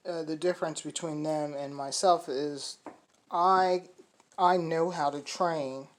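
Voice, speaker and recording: Low-voiced chatty dog breeder woman. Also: steady tone, slow pace, low-quality recording. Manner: chatty, rambling with many fillers and restarts; high sing-song baby talk to the puppies. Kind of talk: casual vlog to puppy buyers. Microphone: phone.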